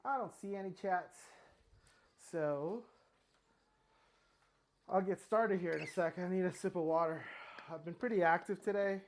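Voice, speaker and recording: A man's voice: sits high, unhurried, long pauses. A middle-aged man talking casually through his stretching routine, a little out of breath, rambling with fillers and restarts. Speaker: fitness vlogger. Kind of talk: casual talk while exercising.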